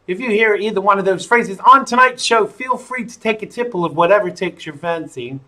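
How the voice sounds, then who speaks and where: A man's voice: high voice, a little fast, sharp tone. A man hosting a live-streamed talk show, chatting in a playful, jokey way as he sets up the broadcast. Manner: playful, jokey, self-amused.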